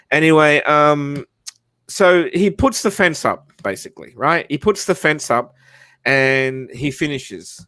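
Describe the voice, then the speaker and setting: A man's voice: mid-range voice, fairly bright tone, dry recording. Rambling Australian man, dry sound. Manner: rambling, lots of restarts and swearing. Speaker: livestream host. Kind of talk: casual storytelling chat.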